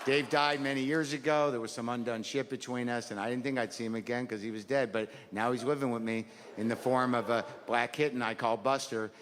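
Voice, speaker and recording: A man's voice: mid-range voice, steady tone, a little fast, hardly any pauses, noisy background. A male stand-up comedian, rambling and neurotic, self-deprecating and profane, seated on a stage before a live audience. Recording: live hall recording with crowd laughter.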